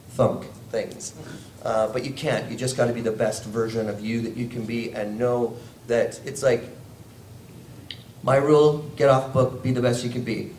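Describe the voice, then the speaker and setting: Man, convention panel guest, rambling animated storyteller, echoey room, faint background hum. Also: medium pitch, far from the mic. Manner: animated, rambling storyteller who laughs often. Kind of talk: casual convention panel talk. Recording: echoey hall, faint ambient noise.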